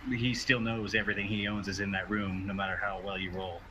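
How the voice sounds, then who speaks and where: A man's voice: fairly low pitch, flat delivery, a little fast, lo-fi sound, background noise. A man narrating as game master over an online call, patiently explaining rulings to players.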